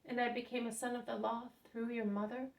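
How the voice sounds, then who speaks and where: A woman's voice: a little high, level tone, a little fast, close to an everyday voice. A woman voicing an earnest, devoted young man who pleads to follow his cousin, in a storybook reading. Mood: pleading. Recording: roomy echo, mic at a distance.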